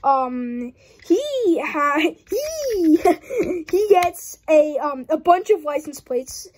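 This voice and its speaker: A young woman with a high voice talks casually while showing off a model she has built. She giggles a lot, trails off, and keeps apologizing as she rambles. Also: expressive, very slow, a little mellow, slight background noise. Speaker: hobby channel host. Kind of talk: casual build commentary.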